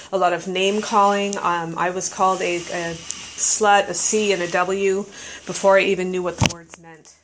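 A woman's voice: medium pitch, a little hiss or hum, low-quality recording. A woman sharing her personal story at a recovery meeting, candid and self-mocking, laughing often and restarting her sentences. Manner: halting, with many restarts and fillers. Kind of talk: personal testimony to a live audience. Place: meeting room with an audience.

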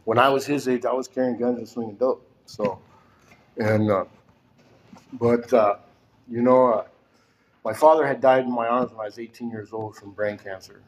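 A man in his sixties telling a personal story in a halting way, full of "and, uh", often sinking almost to a whisper. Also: medium pitch, fairly even intonation. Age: 60s. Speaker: storyteller recounting his past. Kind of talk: personal testimony.

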